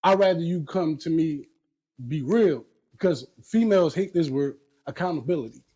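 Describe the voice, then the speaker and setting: A man's voice: fairly high pitch, normal speed, warm tone, husky. A man speaking emphatically in a casual podcast chat, often asking if you hear him.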